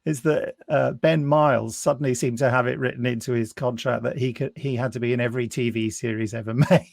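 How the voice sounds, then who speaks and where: An older man, an audio drama producer and actor, chatting in a relaxed way on a video call and laughing often. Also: medium pitch, fast, gravelly, no room sound, studio quality. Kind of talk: casual interview over video call.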